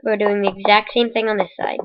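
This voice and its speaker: A woman's voice: mid-range voice, level tone, fairly quick. A woman casually narrating a game building tutorial in voice-over, rambling and correcting herself as she goes, with the hiccups. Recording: dull lo-fi mic.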